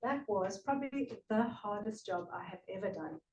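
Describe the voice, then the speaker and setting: A woman from South Africa with a South African accent, slightly British-tinged, giving a prepared speech at a speaking club, earnest with emphatic pauses. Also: medium pitch, lively intonation, a little mellow, a little hiss or hum. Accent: South African English with a slight British tinge. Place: meeting room. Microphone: room recording from a distance. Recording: echoey room from far off.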